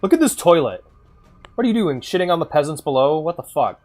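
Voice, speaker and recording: A streamer giving casual, excited gameplay commentary, swearing and laughing often. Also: mid-range voice, brisk. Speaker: game streamer.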